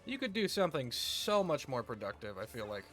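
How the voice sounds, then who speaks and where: Over faint background music, a gamer chats casually while streaming, cracking crude jokes and wandering off on asides. He speaks at a medium pitch, very animated and a little fast, with a fairly bright tone.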